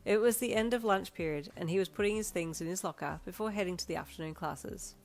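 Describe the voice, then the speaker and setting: Low-voiced woman reading fan fiction. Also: quick pace, darkish tone. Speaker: reader. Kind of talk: fan fiction narration read aloud.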